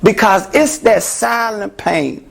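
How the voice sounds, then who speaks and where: A man's voice: sits high, slow pace, creaky, slightly rough. A man giving an interactive health talk to a live audience, joking and asking the room questions. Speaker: mental health speaker.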